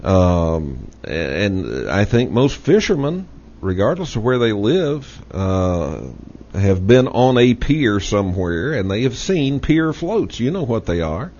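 A man's voice: lowish voice, big pitch swings, takes it slowly, darkish tone. A man with a Texas accent hosting a talk radio show, making his points in a folksy, emphatic way and repeating them. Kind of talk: casual talk radio discussion. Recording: dull lo-fi radio audio with faint hiss.

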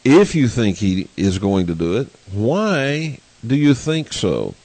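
A man's voice: mid-range voice, huge pitch swings, takes it slowly, darkish tone, no echo. A man hosting a call-in radio show, talking plainly and thinking aloud as he goes.

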